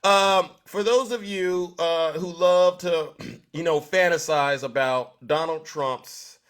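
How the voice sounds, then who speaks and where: Male live-stream host, a little high-pitched, preachy and repetitive. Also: slow, a bit bright, clean tone. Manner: preachy, repetitive, addresses audience directly. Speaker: livestream host. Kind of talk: live-stream political commentary.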